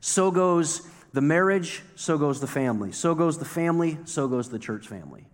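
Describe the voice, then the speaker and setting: A man's voice: on the high side, expressive, moderate pace, long reverb tail. A male pastor preaching a sermon in a conversational way, driving points home with emphatic repetition.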